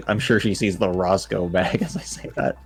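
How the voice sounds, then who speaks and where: A lowish male voice tossing out quick jokes as a tabletop player, with soft music in the background.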